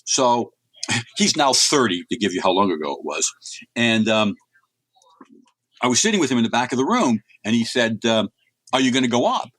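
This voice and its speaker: A middle-aged American man, a comics writer, is an interview guest telling rambling anecdotes with lots of restarts. His medium-pitched voice is very animated and a bit bright with a breathy edge, moving at a moderate pace with long pauses. The recording is dry, and the talk is casual, chatty storytelling.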